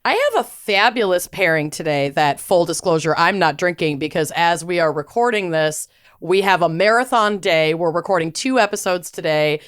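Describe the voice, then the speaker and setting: A woman's voice: on the low side, moderate pace, clear, resonant tone. A woman co-hosting a casual podcast, bubbly and playful in her banter. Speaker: podcast co-host. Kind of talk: casual chat.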